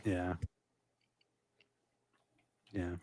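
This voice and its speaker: A man co-hosting a casual podcast, halting with fillers and dry, sarcastic jokes. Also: crowd noise. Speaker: podcast co-host.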